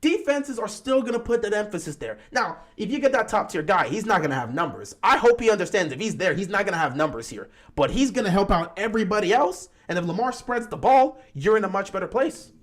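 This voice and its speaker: A man's voice: high-pitched, lively intonation, fast, few pauses. A man hosting a live-stream football talk show, greeting viewers and arguing his points animatedly.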